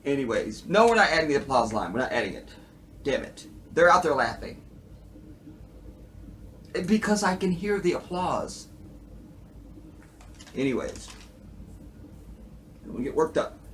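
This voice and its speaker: A man giving casual commentary on a TV episode in a profane, animated way, talking straight to his viewers. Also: on the high side, measured pace, long pauses, slight background noise. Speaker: TV show reviewer.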